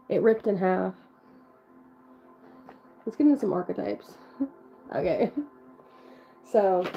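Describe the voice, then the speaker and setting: A woman's voice: medium pitch, vocal fry. Young woman rambling through a tarot reading on a livestream, lots of likes and ums, kinda dull lo-fi sound. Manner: rambling, filler-heavy, swears casually. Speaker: tarot reader.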